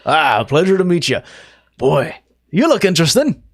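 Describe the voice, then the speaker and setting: A man voicing a boisterous, cheery male dwarf bard with a booming, excitable voice. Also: normal speed.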